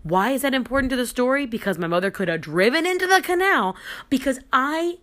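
A young adult woman hosting a podcast, telling a personal story in a casual, animated and excitable way, with restarts and dramatic pauses. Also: high voice. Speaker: podcast host.

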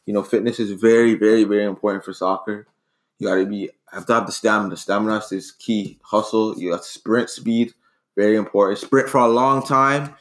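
A man's voice: fairly low pitch, fairly even intonation, fairly quick. A man arguing his side in a casual sports debate, earnest and rambling with frequent restarts. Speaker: debate co-host.

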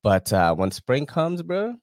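A man's voice: fairly high pitch, sing-song, a little slow, no room sound, studio quality. A man hosting a podcast, reading sponsor ads in a casual, slangy, profane way. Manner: slangy, profane and laid-back, laughs often. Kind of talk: casual chat.

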